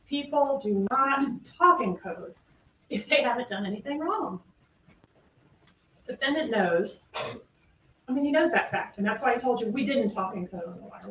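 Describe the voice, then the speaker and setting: A woman's voice: on the high side, slight background noise. A woman prosecutor giving a courtroom closing argument, emphatic and full of rhetorical questions. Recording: echoey room, distant mic, faint ambience.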